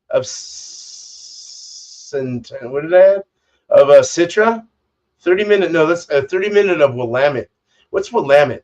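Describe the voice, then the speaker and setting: Guy with a high voice rambling and cussing on his brew stream, kinda far from a dull mic. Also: a little mellow. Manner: rambling, profane storytelling. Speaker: homebrewing channel host. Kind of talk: casual livestream chat.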